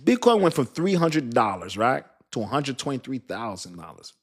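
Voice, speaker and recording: Speaking at normal speed, a middle-aged man with a mid-range voice swings his pitch widely while hosting a casual crypto show. He voices chat comments, repeats himself for emphasis, and laughs at his own remarks.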